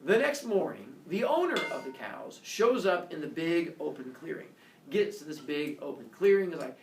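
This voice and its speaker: A man's voice: a little high, very animated, moderate pace. A man retelling a myth in a casual, playful, jokey way. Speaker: storyteller. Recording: echoey room, distant mic, faint noise.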